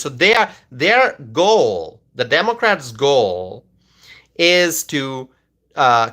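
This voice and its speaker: Man, slightly high voice, political livestream host, insistent, repeats himself, lots of uh and um. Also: pushed and bright. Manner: insistent, repeats phrases, many fillers. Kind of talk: livestream commentary reading chat comments.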